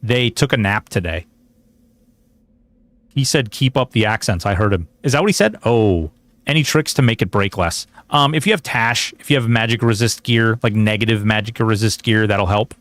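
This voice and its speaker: A man's voice: fairly low pitch, lively intonation, moderate pace, fairly bright tone, no room sound. A man streaming a game, chatting casually in a rambling, joking way and slipping into mock outrage. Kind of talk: casual gameplay commentary.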